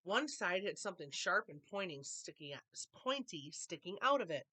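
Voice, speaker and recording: A woman reading a children's picture book aloud with expressive, animated storytelling. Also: on the low side, moderate pace. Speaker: storytime reader.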